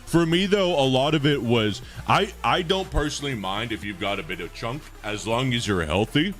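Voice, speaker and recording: Animated, joking man streaming live. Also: mid-range voice, moderate pace. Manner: animated, joking, bursts into exclamations. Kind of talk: casual live-stream chat with viewers. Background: faint music playing.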